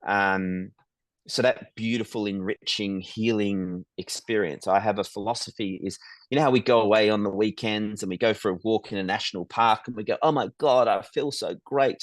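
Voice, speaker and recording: A middle-aged man speaks in a low, reflective voice as he tells his story to an interviewer. He often pauses on ums and restarts his sentences. The sound is dry and close, with little room echo. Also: fairly even intonation. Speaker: guest, business founder.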